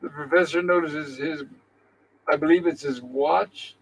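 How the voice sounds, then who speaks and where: A man's voice: on the high side, unhurried, fairly bright tone, slight background noise, poor audio. A man hosting a casual show, retelling an episode's scenes in an easygoing way and reading characters' lines aloud. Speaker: host.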